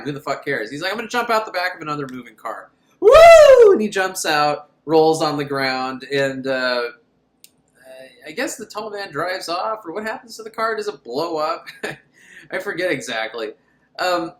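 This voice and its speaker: A man's voice: on the high side, fairly bright tone, echoey room. A man recapping a horror film in a sarcastic, rambling, mocking way. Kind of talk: comedic movie recap.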